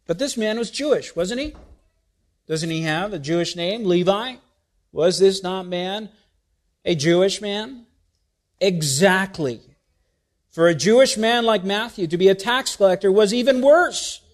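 Male preacher, higher voice, expressive sermon delivery, rises and drops in volume. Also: measured pace, long pauses. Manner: expressive, rhetorical questions, wide swings in loudness.

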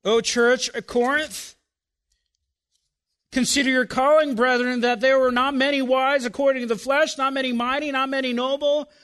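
Speaking with an extremely high pitch, a level tone, and a smooth delivery, a pastor puts emphatic rhetorical questions to his congregation. His sermon sinks into quiet, slow phrases, then builds once more.

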